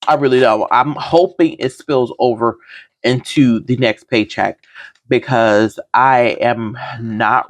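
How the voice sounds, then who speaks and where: A woman budget vlogger chatting casually while counting cash, teasing herself and talking straight to her viewers. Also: extremely low pitch.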